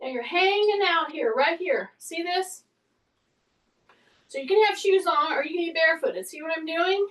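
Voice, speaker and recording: Woman fitness coach, high and slow, calls breaths and cues, a bit distant from the mic. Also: lively intonation, fairly bright tone. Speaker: fitness instructor. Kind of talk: workout instruction.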